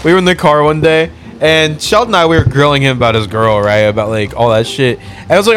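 A man's voice: mid-range voice, fast talker, fairly bright tone, faint music behind. A young man co-hosting a podcast, ribbing his friends in teasing, mocking banter. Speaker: podcast co-host. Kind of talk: crude casual chat among friends.

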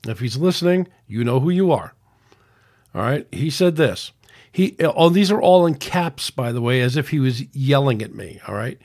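A man's voice: mid-range voice, animated, normal speed, a little mellow. A man in his sixties hosting a podcast, reading out messages and arguing back in a solo opinion monologue. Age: 60s. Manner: reads out messages and argues back, frequent restarts. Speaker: podcast host.

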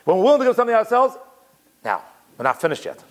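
A man teaching a Torah class in a lively, conversational way, weaving Hebrew quotations into plain talk. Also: high-pitched, very fast. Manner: animated, conversational, mixes Hebrew quotes in.

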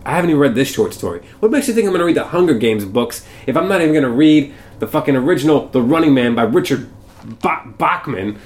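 A man's voice: medium pitch, lively intonation, fast talker, a little mellow. A man co-hosting a casual movie podcast, sarcastic and profane, who breaks into mocking impressions. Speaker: podcast co-host.

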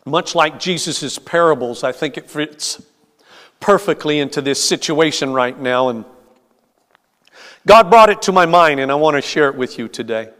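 A man preaching as a pastor, telling a story in a slow, measured way with hesitant fillers. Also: on the high side, fairly bright tone. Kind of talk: sermon with storytelling. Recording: long hall reverb.

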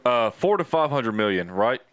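A man's voice: mid-range voice, big pitch swings, normal speed, fairly bright tone, clean tone, no room sound. A man co-hosting a podcast, casually egging his friends on. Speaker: podcast co-host.

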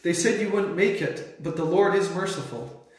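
A man voicing a gentle, caring female nurse who explains things softly and patiently. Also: high-pitched, moderate pace, far from the mic, natural voice. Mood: kind. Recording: very echoey room.

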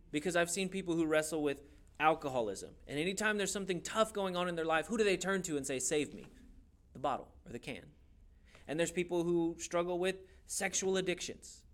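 A man's voice: a little high, fairly bright tone. A man teaching a youth Bible class in a casual, joking way, asking the class questions as he goes.

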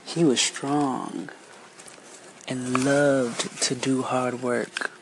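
Slow gravelly storyteller. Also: medium pitch, little pitch movement, noisy background. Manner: unhurried, lilting, voices each character. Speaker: storyteller reading aloud. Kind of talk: dialect folk-tale reading.

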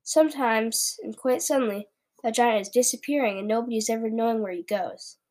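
A woman reading aloud from a children's book, giving voice to a very old, kindly male giant with a playful, drawn-out delivery. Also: on the high side, darkish tone, natural voice. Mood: gentle.

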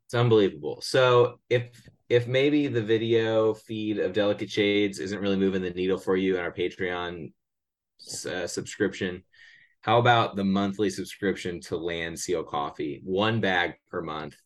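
A man co-hosting a casual podcast from his bedroom at home, delivering a joking sales pitch full of stammers and restarts. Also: steady tone, normal speed. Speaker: podcast co-host.

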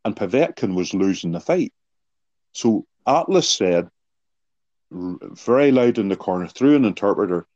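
A man's voice: fairly low pitch, expressive, normal speed, darkish tone, no room sound. A man guest on a podcast, explaining his ideas earnestly with anecdotes and rhetorical questions. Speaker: guest, sports psychology author. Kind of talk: podcast interview answers with anecdotes. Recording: dull lo-fi sound.

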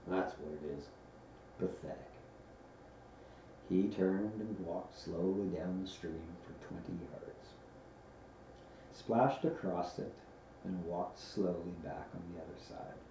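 A man reading a book aloud with an expressive storytelling manner, recorded on a headset mic. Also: sits low, slow pace, a little hiss or hum. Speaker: reader. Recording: roomy, distant, dull lo-fi headset recording.

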